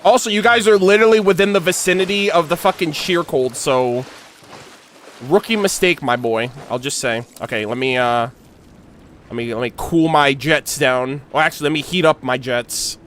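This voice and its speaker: A man streaming a game, reacting casually and reading dialogue aloud, excitable and quick to swear and laugh. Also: a little high, a little hiss or hum.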